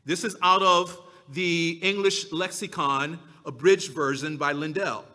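A man preaching a sermon as pastor, slow and emphatic, drawing out his key words. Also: a little high, fairly even intonation, bright, forceful tone, big-room sound.

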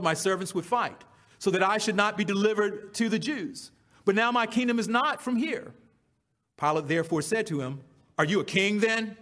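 A man preaching a sermon, reading scripture aloud and breaking off to explain it, swinging from loud emphatic cries to hushed near-whispers. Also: sits high.

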